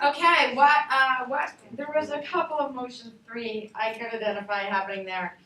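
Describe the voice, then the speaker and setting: A woman teacher leading a classroom feedback discussion, animated and asking the class questions. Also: on the high side, normal speed, crowd noise. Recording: roomy classroom, from far off, faint noise.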